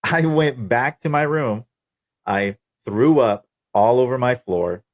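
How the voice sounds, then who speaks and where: A man's voice: medium pitch, slow pace, dry recording. A young man telling his own story on a podcast, candid, profane and wry. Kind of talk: casual personal storytelling.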